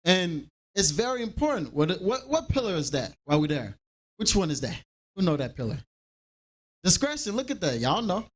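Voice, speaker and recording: Man, high voice, scripture class teacher, animated, acts out dialogue. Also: moderate pace. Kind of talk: preaching bible class.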